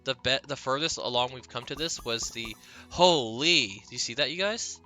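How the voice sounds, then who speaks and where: A man's voice: mid-range voice, normal speed, bright, forceful tone, soft background music. A man streaming a video game, chatting playfully with his viewers and giggling at his own jokes. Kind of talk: casual live-stream chat while gaming.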